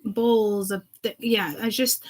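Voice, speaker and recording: A woman's voice: medium pitch, flat delivery, takes it slowly, background noise. A woman speaking to her viewers in a loose, rambling monologue, agitated and swearing freely. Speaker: self-described seeress.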